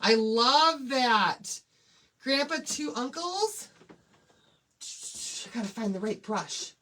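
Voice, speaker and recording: A woman's voice: on the high side, animated, takes it slowly, sharp tone, slight background noise. A woman hosting a casual craft livestream, bubbly and chatty as she greets viewers one by one.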